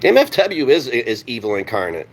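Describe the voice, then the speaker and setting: A man's voice: medium pitch, big pitch swings, normal speed, a little hiss or hum. A man ranting on a live stream, heated and sarcastic, swearing constantly and answering his chat. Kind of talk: profane live-stream rant.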